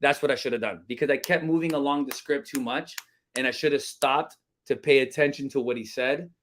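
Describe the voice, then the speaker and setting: A man's voice: mid-range voice, brisk, a bit bright, a little hiss or hum. A man coaching real estate agents in a live stream, talking casually and energetically, often calling his viewers guys.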